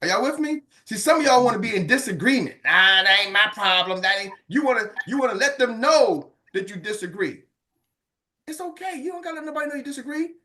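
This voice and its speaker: A man's voice: very high voice, sing-song, fast, fairly bright tone. A middle-aged man giving a motivational business talk to an audience, calling out questions and acting out quoted voices. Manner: preacher-like, calls out to the audience; acts out quoted voices of others. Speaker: business coach.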